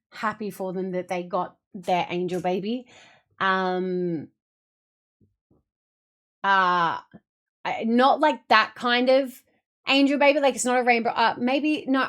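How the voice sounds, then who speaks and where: A woman's voice: mid-range voice, a bit bright. A young adult woman streamer chatting casually with her viewers, telling a long, emotional story in a rambling way.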